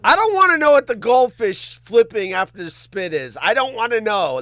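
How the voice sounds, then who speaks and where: Man, livestream host, high bright voice, animated joking chat, dry close sound. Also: a little slow, long pauses, dry recording. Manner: animated, joking, swears freely. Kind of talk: casual chat reading viewer comments.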